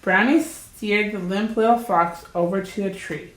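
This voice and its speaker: A woman reads a children's picture book aloud, gentle and deliberate. She takes her time over each line at a middle pitch. Her voice carries an echoey room sound. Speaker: storybook reader. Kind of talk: children's story read-aloud. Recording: roomy echo.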